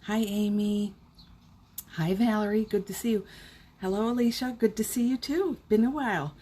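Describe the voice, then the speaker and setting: A woman's voice: mid-range voice, moderate pace, mellow, husky. A middle-aged woman hosting a casual morning live stream from home, cheerfully greeting viewers by name and chatting. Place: home indoors.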